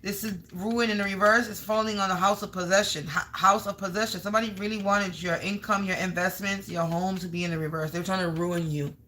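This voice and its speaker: A woman's voice: medium pitch, fairly even intonation, fairly quick, hardly any pauses, pushed and bright, slight background noise, poor audio. A woman giving a live spiritual card reading to viewers. She talks emphatically, stacks up strings of synonyms and swears casually.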